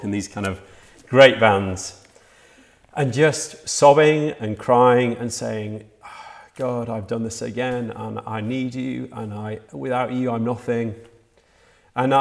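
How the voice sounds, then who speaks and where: A man preaching to a livestreamed church service. His voice sits low and has a gravelly fry to it. He speaks earnestly and reflectively, often restarting his sentences. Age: adult, past university age. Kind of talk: sermon.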